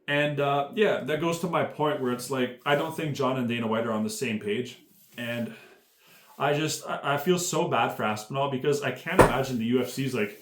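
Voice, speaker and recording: A man's voice: mid-range voice, normal speed, roomy sound. A man giving a casual, profane commentary rant, rambling and full of fillers. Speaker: MMA commentary YouTuber.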